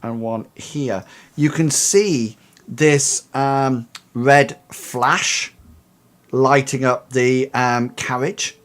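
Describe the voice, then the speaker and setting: A man narrating a tabletop role-playing game as game master, halting and full of restarts. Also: mid-range voice, fairly even intonation, a bit bright. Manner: hesitant, many fillers and restarts.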